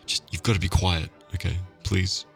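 A man in a whispered role-play, talking in a hushed, flustered, pleading way. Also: low-pitched, little pitch movement, normal speed, vocal fry, faint music behind.

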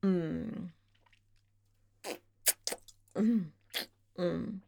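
Slow, gravelly British woman. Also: on the low side, mellow, dull audio, a little hiss or hum. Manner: breathy, moaning, often dropping to a whisper. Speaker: audio performer. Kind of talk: intimate audio role-play.

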